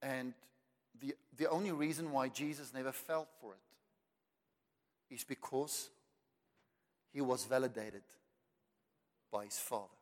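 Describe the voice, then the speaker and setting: A South African man preaching a sermon with emphasis, repeating words for effect and building to loud declarations. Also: mid-range voice, slow pace, long pauses. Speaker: pastor. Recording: long reverb of a large hall.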